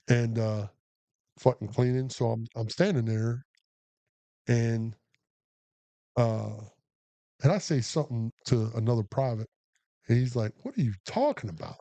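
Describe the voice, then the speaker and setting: A man's voice: medium pitch, unhurried, long pauses. A man and army veteran co-hosting a podcast, telling a profane war story with acted-out quotes. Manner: profane, animated, acts out quotes. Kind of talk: casual storytelling.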